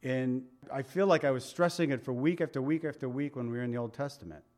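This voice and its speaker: A man's voice: medium pitch, fast, a little mellow. A middle-aged male pastor preaching a conversational sermon, often putting questions to his listeners. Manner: conversational, asks the congregation questions.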